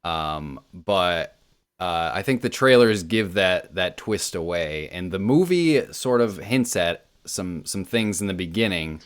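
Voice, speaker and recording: A man's voice: low voice, expressive, unhurried, clear, resonant tone. A man on a podcast giving his impressions in a casual chat, hesitant, with many ums and restarts. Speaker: podcast co-host.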